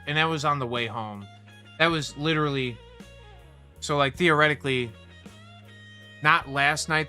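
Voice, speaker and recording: A man's voice: on the high side, bright, forceful tone. A young man hosting a livestream, ranting casually with heavy profanity and a heated, rambling delivery. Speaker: livestream host.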